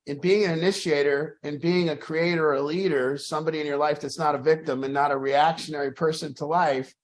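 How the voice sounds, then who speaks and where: A man's voice: on the high side, steady tone, brisk. A man leading a support group, talking emphatically, repeating key phrases with restarts and the odd swear word. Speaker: group leader. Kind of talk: motivational group talk.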